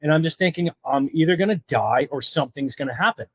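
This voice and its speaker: A man's voice: a little high, expressive, fast, dry recording. A middle-aged man earnestly recounting a personal story as a podcast guest, full of "like" fillers. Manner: earnest, heavy use of "like" fillers.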